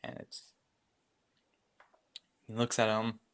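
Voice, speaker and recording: A man runs a story game as its narrator, describing the scene to his players. His voice is on the low side, and he rambles with lots of fillers and restarts. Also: monotone, takes it slowly, fairly bright tone, clear, resonant tone. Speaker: game master.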